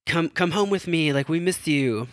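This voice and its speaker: A man's voice: fairly high pitch, moderate pace, fairly bright tone, dry recording, clean studio sound, pitched above the performer's own voice, close to an everyday voice. A man voicing a weary older male smuggler pleading with his son, in an earnest, plain manner.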